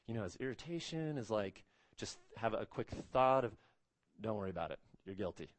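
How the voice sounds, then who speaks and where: A man's voice: expressive, normal speed, no echo. Emphatic male preacher, dry sound. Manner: emphatic, rising to stress key words and dropping low on solemn points. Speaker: pastor. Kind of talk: sermon.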